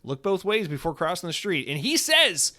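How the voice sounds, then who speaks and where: A man hosting a casual solo podcast, talking in an animated, profane and sarcastic way with lots of filler words. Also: sits high, normal speed. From United States. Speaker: podcast host.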